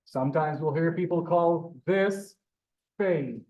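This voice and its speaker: A man teaching a live beginners' Hebrew class, halting and repeating words, polite to his students. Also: a little high, darkish tone, muffled recording.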